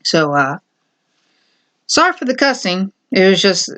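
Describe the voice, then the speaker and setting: A woman talks through her opinions in a casual vlog, with a clear, smooth voice. She speaks straight to her viewers and drives each point home by saying it again and again. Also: medium pitch, very animated, unhurried, fairly bright tone. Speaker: vlogger.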